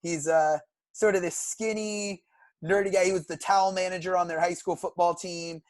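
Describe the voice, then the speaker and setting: A young man with a fairly high voice, recorded dry and close. He chats casually as a podcast co-host, eagerly walking through episodes and favorite characters at length. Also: steady tone, normal speed, darkish tone, dry recording. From California. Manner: enthusiastic, recounts plots at length. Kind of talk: casual chat.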